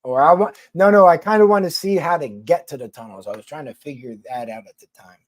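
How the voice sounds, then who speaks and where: A man's voice: fairly high pitch, fast talker. A man from New York City with a Philadelphia accent, chatting casually with viewers on a livestream in a blunt, rambling, profane way.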